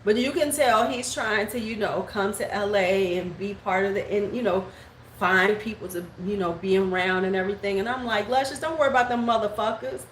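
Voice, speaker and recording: A woman in her forties chatting casually on a live stream, telling gossip and greeting viewers by name, sometimes slipping into squeaky voices to quote people. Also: fairly even intonation, moderate pace, a bit bright. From United States. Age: 40s. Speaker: beauty vlogger. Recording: echoey room with faint background noise.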